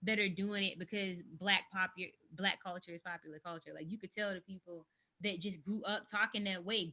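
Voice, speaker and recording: A woman from the United States speaking candidly as an interview guest, emphatic and outspoken, on a video call from home. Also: medium pitch. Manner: emphatic, animated, speaks her mind.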